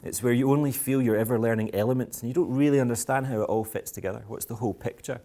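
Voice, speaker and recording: Here the Scottish education speaker talks fast, his mid-range voice mellow. He addresses parents at a school event with a live audience, staying playful, provocative and self-mocking throughout.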